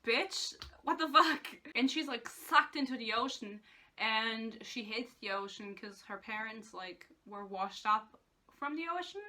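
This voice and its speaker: A young woman rants through a book review in a loose, sarcastic way, dropping swear words and "like" all the time. Her voice is bright and sits a little high. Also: lively intonation, unhurried. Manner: sarcastic, swears a lot, lots of "like". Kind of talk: casual rant review.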